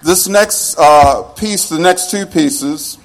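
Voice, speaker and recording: A man's voice: a little high, slow pace, a little hiss or hum, low-quality recording. A man from West Virginia, a spoken word poet, delivering his poems live on stage with a rhythmic, rhyming, swaggering flow. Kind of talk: spoken word poetry performance.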